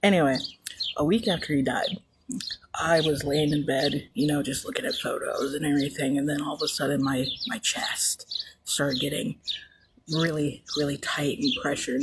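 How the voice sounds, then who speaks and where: A woman's voice: low-pitched, background noise. A mother speaking to camera in an emotional, earnest and rambling way about her own experience. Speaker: mother sharing a personal story. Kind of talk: personal video monologue.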